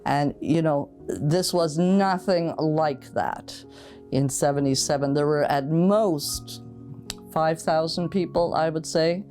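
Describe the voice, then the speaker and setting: A woman in her sixties recalling past events in an oral history interview, steady and a little hesitant. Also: low-pitched, slow pace, faint music behind. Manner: steady recollection with some hesitations. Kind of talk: personal storytelling.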